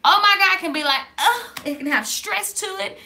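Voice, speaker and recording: A woman hosts a faith-based live stream straight to camera. Her voice sits high and rings bright. She talks in a lively, casual way and stops to greet viewers in the comments. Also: brisk. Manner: lively and conversational, reading viewer comments aloud. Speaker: livestream host. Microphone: camera in front of her.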